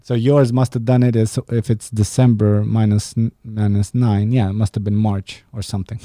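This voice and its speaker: Profane rambling podcast host, low dark voice. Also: male voice, little pitch movement, moderate pace, no echo, studio quality. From Romania. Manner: profane, rambling, laughs at his own jokes. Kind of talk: casual solo podcast rant. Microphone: studio podcast mic.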